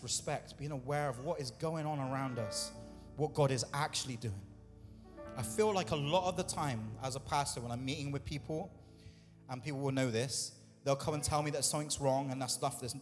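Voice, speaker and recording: A man's voice: medium pitch, long reverb tail. A man pastor preaching a sermon in a church, talking conversationally, acting out quoted voices and putting questions to the congregation. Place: church hall.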